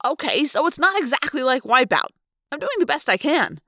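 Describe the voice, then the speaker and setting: A woman's voice: high-pitched, sing-song, normal speed, sharp tone, no echo, studio quality, pitched above the performer's own voice, heavily acted. A woman voicing a wisecracking teenage boy with breezy, flippant quips.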